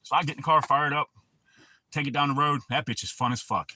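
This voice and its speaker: A man's voice: on the high side, fairly even intonation, fast, sharp tone, a little hiss or hum. A man hosting a livestream, telling profane, rambling stories in casual talk and answering his chat. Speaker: livestream host.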